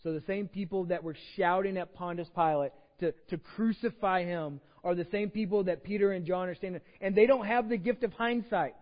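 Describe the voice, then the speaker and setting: A man's voice: sits high, fairly quick, few pauses. A man with a Texan accent preaching a casual, conversational sermon and reading scripture aloud. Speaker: pastor. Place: church sanctuary. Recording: dull sound with long hall reverb.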